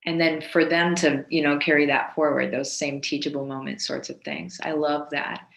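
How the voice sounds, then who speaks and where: A woman's voice: deep voice, flat delivery, moderate pace, gravelly, fairly bright tone, reverberant. A woman hosting a video call, praising speakers with emphatic repetition. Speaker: host.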